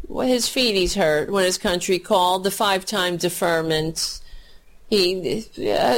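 A political commentator in an angry, crude rant, scornful, with frequent restarts and asides. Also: mid-range voice.

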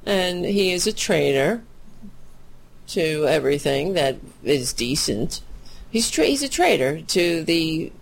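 A woman's voice: sits low, big pitch swings, slow, creaky. A woman hosting a political commentary livestream, blunt, profane and sarcastic as she reacts to clips.

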